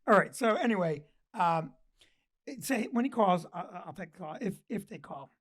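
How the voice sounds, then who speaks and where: A man's voice: sits high, expressive, moderate pace, fairly bright tone, slightly rough. An older man co-hosting a casual talk show, telling stories in a blunt, joking way. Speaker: co-host. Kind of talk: casual chat.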